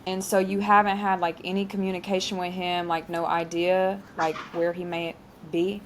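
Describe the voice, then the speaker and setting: A woman's voice: lowish voice, level tone, moderate pace, slight background noise. Curious woman hosting a casual chat. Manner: friendly, curious, with casual filler likes. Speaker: podcast host.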